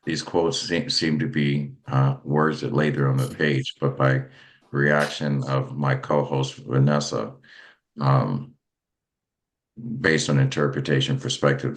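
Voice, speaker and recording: A man hosting a talk podcast, speaking in a halting way with frequent restarts and fillers. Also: rumbling low, flat delivery. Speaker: podcast host. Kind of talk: casual talk show hosting.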